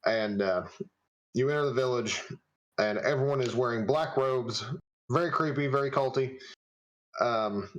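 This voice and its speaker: A man's voice: mid-range voice, a little slow, long pauses, highs cut off. A man running a tabletop game as game master, narrating scenes in a loose way, full of fillers and frequent chuckles.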